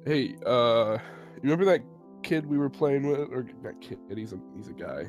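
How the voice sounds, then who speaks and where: A man's voice: mid-range voice, expressive, normal speed, dull audio. Young guy telling a rambly story, swears a ton, faint music behind. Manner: rambling, swears a lot, self-mocking. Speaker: co-host of a live stream. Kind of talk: casual chat, rambling anecdote.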